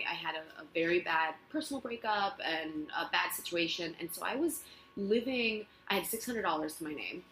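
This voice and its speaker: A woman actress telling self-mocking stories in a casual interview in her apartment, quick to laugh. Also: lowish voice, fairly bright tone, slight background noise. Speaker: guest actress. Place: her own apartment living room. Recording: echoey room.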